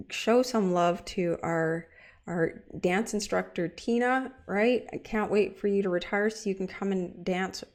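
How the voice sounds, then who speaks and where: A woman hosting a casual livestream, bubbly and gushing, talking straight to her chat viewers. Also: fairly low pitch. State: getting teary-eyed. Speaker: livestream host.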